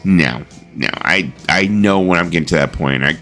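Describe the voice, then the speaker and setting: A man's voice: low voice, normal speed, a bit bright, faint music behind. A man hosting a casual livestream chat, joking and laughing often as he drinks. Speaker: livestream host.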